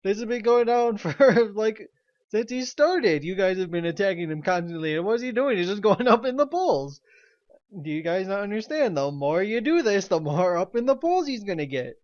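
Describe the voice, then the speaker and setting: Man, high voice, angry profane rant, frequent swearing, laughs between points, muffled lo-fi sound. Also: sing-song, normal speed, a little mellow. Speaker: political commentary vlogger. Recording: dull lo-fi recording.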